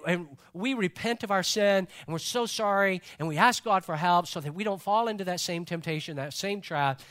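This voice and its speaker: A man's voice: sits high, fairly bright tone. A male pastor preaching a sermon in a church service, talking conversationally and joking with the congregation.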